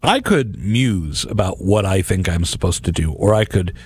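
A middle-aged man reflects on scripture for a radio audience in a lowish, husky voice. He talks earnestly and conversationally, often restarting his sentences. The sound is dry and close, from a studio mic. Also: lively intonation, moderate pace, a little mellow, dry recording. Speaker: radio host.

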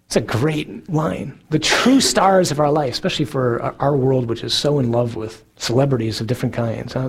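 A man giving a sermon as a priest, earnest, slowing down to stress key words. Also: medium pitch, vocal fry, slightly rough. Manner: earnest, slows for emphasis.

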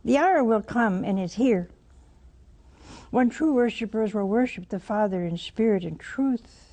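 Animated woman preaching a sermon. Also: on the high side, unhurried. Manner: storytelling with rhetorical questions to listeners.

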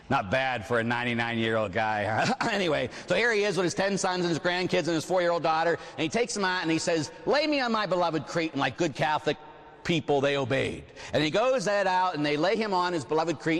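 Animated male preacher in echoing hall. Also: a little high. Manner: animated, frequent "huh?" asides. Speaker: retreat preacher. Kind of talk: storytelling sermon. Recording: long echoing hall reverb.

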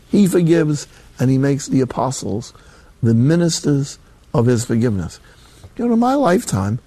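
A man's voice: medium pitch, mellow, no room sound. An older man, a Catholic priest, preaching a sermon in a folksy, emphatic way with colloquial asides.

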